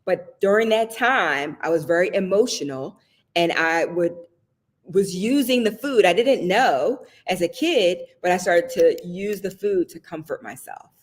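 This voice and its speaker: Woman, live-stream host, casual chat, personal and talkative, low-ish voice. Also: lively intonation, measured pace. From Southern United States. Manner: chatty and personal, often asks "right?" and laughs.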